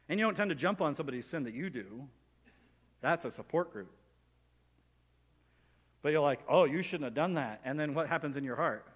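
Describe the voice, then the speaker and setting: Male pastor, sermon delivery, lively asides in character, echoing hall sound. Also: fairly high pitch. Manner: animated preaching, acting out imagined inner voices. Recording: long reverb of a hall.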